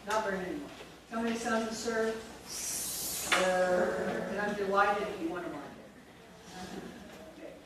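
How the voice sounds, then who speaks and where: At a normal speed and in a mid-range voice, a woman drills teachers on sounds and syllables during a phonics workshop and quizzes the room. Captured on a distant mic, the audio is noisy and echoey.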